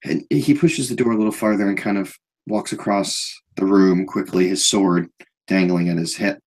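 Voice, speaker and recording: Husky, deep-voiced man game master. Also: moderate pace. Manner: relaxed, hesitant, many fillers. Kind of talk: narrating a tabletop game.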